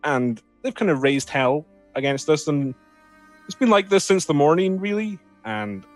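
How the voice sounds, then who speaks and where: A man's voice: fairly high pitch, expressive, moderate pace, dry recording, soft background music, pitched above the performer's own voice, natural voice. A man voicing a jittery, nervous young woman clerk who stammers and apologizes.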